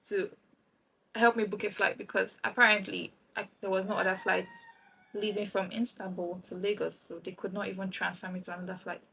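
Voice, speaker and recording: A woman's voice: mid-range voice, fairly quick, creaky, slight background noise, low-quality recording. Chatty young woman telling a story. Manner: animated storytelling, acts out other people's lines. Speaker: vlogger. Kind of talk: chatty get-ready-with-me story time.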